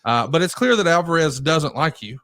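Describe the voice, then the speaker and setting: A man's voice: a little high, lively intonation, fairly quick, a bit bright, no room sound, clean studio sound. A man hosting a podcast interview, chatting eagerly and needling his guest with pointed questions. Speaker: podcast host. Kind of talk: casual interview chat.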